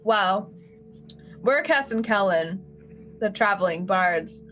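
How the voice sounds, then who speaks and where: A woman's voice: mid-range voice, lively intonation, takes it slowly, a bit bright. Wry woman player. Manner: wry, teasing. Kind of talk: casual tabletop play.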